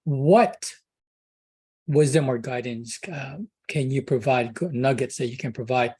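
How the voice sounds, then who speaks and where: A man's voice: mid-range voice, fairly even intonation, a little slow, a little mellow, breathy edge, dry recording. A man hosting an interview, asking questions hesitantly and searching for words. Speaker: interview host.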